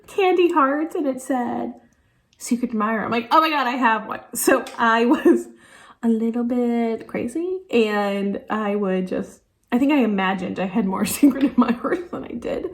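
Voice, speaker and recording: A woman's voice: fairly high pitch, expressive, measured pace. A woman in her thirties, a teacher and beauty vlogger, chatting casually and thinking aloud while doing her makeup. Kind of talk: casual makeup tutorial chat.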